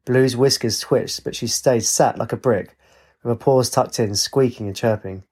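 Husky male storybook narrator. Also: mid-range voice, moderate pace, darkish tone.

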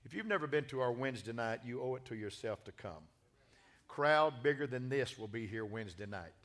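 A man's voice: medium pitch, animated, brisk, fairly bright tone. A man, a pastor giving a church sermon and announcements in a folksy, joking, exuberant way. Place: church sanctuary.

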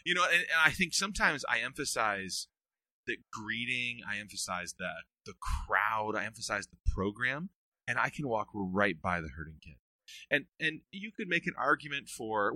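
A middle-aged man talking about youth ministry in a casual podcast interview, telling stories with earnest energy and quick laughs. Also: mid-range voice, lively intonation, pushed and bright, no echo.

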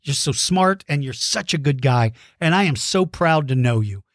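Man, high voice, very lively delivery, dry close sound; upbeat podcast host praising kids' drawings and fossils. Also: moderate pace, dry recording. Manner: warm, encouraging, playful with kids. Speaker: podcast host reading listener mail. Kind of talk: enthusiastic shout-outs to kids.

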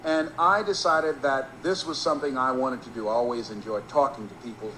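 A man from Miami giving a storytelling motivational speech, emphatic and rhythmic, slowing down to stress key phrases. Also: mid-range voice, fairly even intonation, sharp tone, slight background noise, low-quality recording. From Miami, Florida. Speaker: motivational speaker.

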